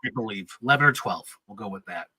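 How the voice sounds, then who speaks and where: A man's voice: on the low side, animated, quick pace, bright, forceful tone, husky, no room sound, low-quality recording. A man in his thirties telling casual, rambling stories on a podcast, laughing often and swearing freely. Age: 30s. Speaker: podcast regular. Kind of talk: casual storytelling chat.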